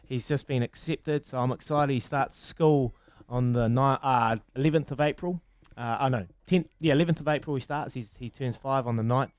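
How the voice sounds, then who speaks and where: A man's voice: medium pitch, moderate pace, a little mellow, dry recording. A New man co-hosts sports radio from a remote studio. His voice sits mid-range and sounds dry and close, and he chats casually with plenty of filler words. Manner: chatty, lots of mate and um. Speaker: radio co-host, former rugby player.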